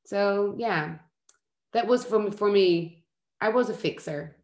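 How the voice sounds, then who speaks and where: A woman's voice: medium pitch, slow pace. A woman, a mother of young children, speaking as a guest in a candid personal conversation, heartfelt and often restarting her sentences. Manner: heartfelt, animated when quoting, many restarts. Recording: roomy echo.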